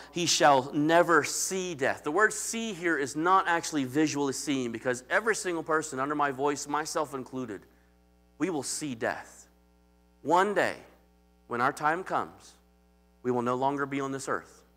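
A man's voice: medium pitch, bright, forceful tone. A man preaching as pastor in a conversational, emphatic sermon that calls out to the congregation.

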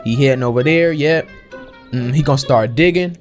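A man's voice: mid-range voice, normal speed, faint music behind. A young man giving casual, slangy play-by-play of a video game, talking to the characters on screen. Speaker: gameplay streamer. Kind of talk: casual let's-play commentary.

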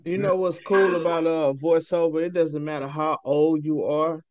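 A man's voice: fairly high pitch, steady tone, moderate pace, a little mellow, no room sound. A man with a light voice, hosting a casual interview chat and laughing along playfully. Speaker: host. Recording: dull lo-fi audio.

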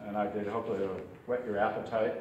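A man teaching puppet skills to a group in an informal, relaxed way, chuckling and giving examples. He is recorded from far off in a very echoey hall. Faint ambient noise hangs behind him. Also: fairly low pitch, fast talker, lo-fi sound. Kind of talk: informal workshop lesson.

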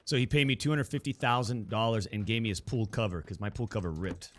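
A man's voice: lowish voice, fast talker. A man streamer telling a rambling story to his chat. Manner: rambling, animated anecdote.

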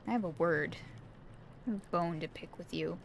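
A woman's voice: on the low side, normal speed, gravelly, a little hiss or hum. Playful woman streaming a horror game. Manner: playful, chatty, talks to the game characters and puts on silly voices. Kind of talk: casual live-stream commentary. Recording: game ambience under the voice. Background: game sound ambience.

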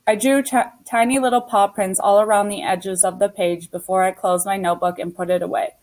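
Woman reader, mid pitch, steady first-person storytelling for a children's book. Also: brisk, poor audio. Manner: steady storytelling as a young girl. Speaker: audiobook narrator. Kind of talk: scripted first-person audiobook narration.

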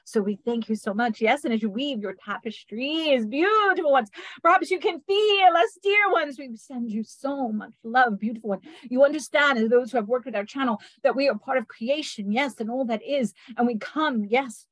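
A woman channeling a gentle, formal collective of light beings over a video call, with lilting phrasing and a repeated "yes". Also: high-pitched, moderate pace, no echo, voice pushed up, poor audio. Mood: tender. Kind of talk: spiritual channeling.

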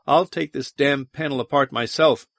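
A man's voice: mid-range voice, moderate pace, gravelly, a bit bright, dry recording, studio quality. A man voicing a tense, frightened starship officer who speaks in a snappy, strained way.

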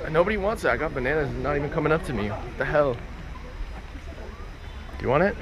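A young man in a casual travel vlog, talking to a handheld camera as he goes, swearing often and ranting in a rambling, excitable way. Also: a little high, quick pace, crowd noise. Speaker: travel vlogger. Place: outdoors and in cafes while traveling. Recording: noisy outdoor camera audio.

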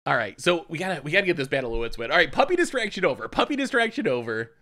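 Man, live-stream game commentary, lively animated pitch, chatty, laughs a lot, casual. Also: rapid-fire. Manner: chatty, laughs often, repeats himself.

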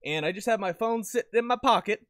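A man talking casually about his recording setup into a lavalier mic at home, rambling and correcting himself with sudden bursts of excitement. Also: high voice, fast talker, no room sound. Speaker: video creator. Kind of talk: casual gear talk to camera.

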